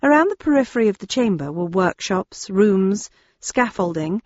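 A woman's voice: medium pitch, animated, moderate pace, a little mellow, no room sound, muffled recording. A woman narrating a novel in the first person, in a dry, wry storytelling manner. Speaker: audiobook narrator.

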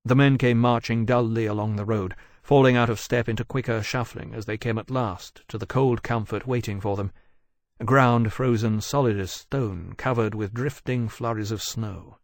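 A man narrating an audiobook in a measured, steady way. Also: fairly low pitch, no echo.

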